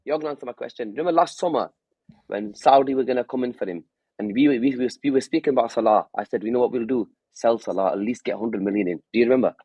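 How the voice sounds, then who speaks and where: A man's voice: medium pitch, quick pace, mellow, husky, no echo, rough recording. Teasing man on a dry mic. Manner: teasing, interrupting, repeats words. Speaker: panel member on a fan show. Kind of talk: casual football banter.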